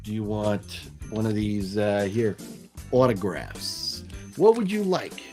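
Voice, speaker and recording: A man's voice: on the low side, soft background music. A man hosting a live movie news stream, calling out giveaway names in a casual, chuckling, apologetic way. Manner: lively, apologetic, chuckling, drawn-out name calls.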